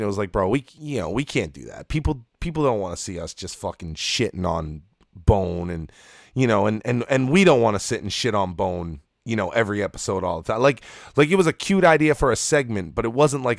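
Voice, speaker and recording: A man's voice: mid-range voice, dry recording, clean studio sound. A man in his thirties, co-host of a podcast, telling a rambling, profane story with lots of restarts. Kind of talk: casual storytelling.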